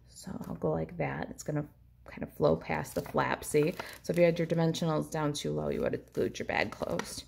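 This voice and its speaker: A woman's voice: low voice, fairly even intonation, moderate pace, gravelly, darkish tone. A woman demonstrating a papercraft project, chatting in an upbeat way as she narrates each hands-on step. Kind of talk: crafting tutorial.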